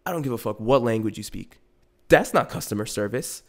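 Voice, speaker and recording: Man, podcast host, casual storytelling rant, profane, animated, middle pitch. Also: fairly quick. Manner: profane, animated, frequent restarts and asides.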